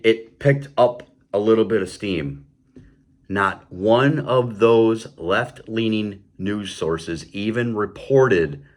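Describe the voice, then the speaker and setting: A man hosting his own show, delivering an impassioned political commentary monologue, heated and stumbling over repeated words, with mocking sarcastic asides. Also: fairly low pitch. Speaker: show host.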